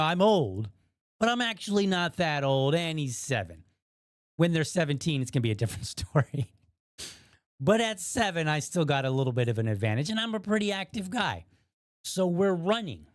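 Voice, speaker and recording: A man in his thirties hosting a podcast, telling a personal story casually, rambling and animated with restarts and acted-out quotes. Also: medium pitch, dry recording, clean studio sound. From USA. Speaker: podcast host.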